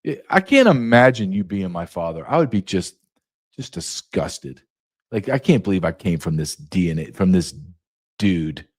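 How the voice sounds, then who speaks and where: A man's voice: low voice, expressive, moderate pace, darkish tone. Ranting sarcastic man in his fifties. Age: 50s. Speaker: host. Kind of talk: political commentary.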